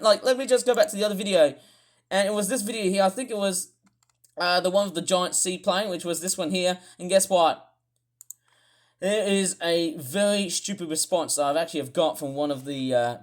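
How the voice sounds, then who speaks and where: A grumpy vlogger who rambles through a ranting commentary, often restarting and suddenly bursting into shouts. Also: medium pitch. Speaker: toy review vlogger.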